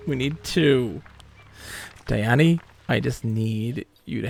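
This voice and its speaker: A man's voice: mid-range voice, takes it slowly, vocal fry, darkish tone. A man streaming live gameplay, muttering to himself and reading item text aloud as he plays.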